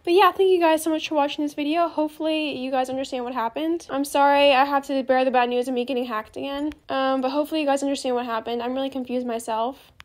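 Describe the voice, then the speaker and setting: Teen girl YouTuber, high and earnest, rambles through a home-mic voice-over. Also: fairly even intonation, fast, few pauses. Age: teens. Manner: earnest, rambling, repeats thanks. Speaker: gaming YouTuber. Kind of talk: casual gameplay voice-over.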